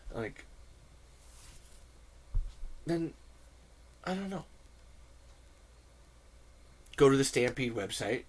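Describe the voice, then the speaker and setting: A man's voice: on the low side, a bit bright, slight background noise. A man rambling earnestly to camera in a casual, profane commentary. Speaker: video creator.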